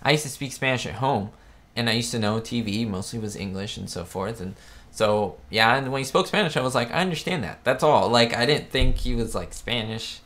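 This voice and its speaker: A man's voice: mid-range voice, a little fast, a bit bright. A man hosting a live chat stream, talking casually in a rambling way, often stopping to correct himself. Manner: rambling, chatty, self-correcting. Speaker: host of a live chat show. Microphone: webcam setup.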